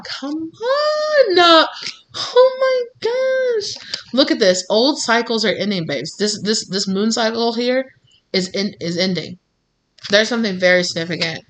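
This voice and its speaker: A woman's voice: on the low side, a bit bright, a little hiss or hum. A woman giving a casual tarot reading in an encouraging, informal way, often repeating herself. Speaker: tarot reader.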